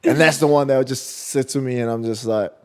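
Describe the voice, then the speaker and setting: A man's voice: mid-range voice, brisk. A young man and rugby league player talking candidly in an interview, telling stories and acting out what people said to him. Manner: animated storyteller acting out quoted exchanges.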